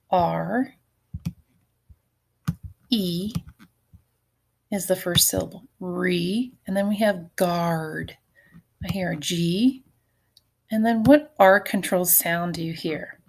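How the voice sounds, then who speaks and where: A woman's voice: fairly low pitch, vocal fry. A middle-aged woman teacher giving a recorded phonics lesson, patiently sounding out syllables and letters for her students.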